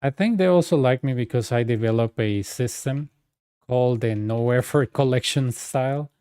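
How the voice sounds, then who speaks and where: Mellow-voiced man. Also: mid-range voice, moderate pace, smooth, dry recording, clean studio sound. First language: Spanish. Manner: rambling, full of fillers and asides. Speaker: game streamer. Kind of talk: casual storytelling chat.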